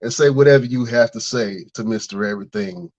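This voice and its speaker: A male podcast host introducing wrestling promos, excitable and reacting like a hype man. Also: medium pitch, fairly quick. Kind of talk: hyped podcast hosting. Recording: lo-fi dull audio.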